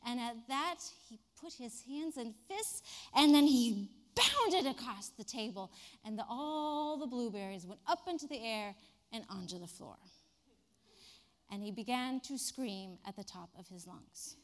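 A woman preacher delivering a sermon with animated, dramatic storytelling. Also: on the high side, a little slow, long reverb tail.

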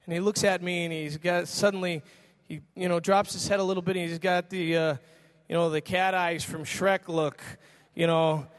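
High-voiced middle-aged man preaching a sermon. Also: normal speed. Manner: animated storyteller acting out dialogue. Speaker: pastor. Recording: long reverb of a large hall.

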